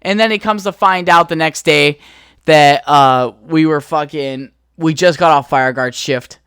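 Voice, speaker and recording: A man's voice: fairly high pitch, a little slow, a bit bright, smooth, dry recording, clean studio sound. A young man hosting a podcast, telling a rambling story in a laid-back, profane way full of fillers. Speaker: podcast host. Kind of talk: casual storytelling.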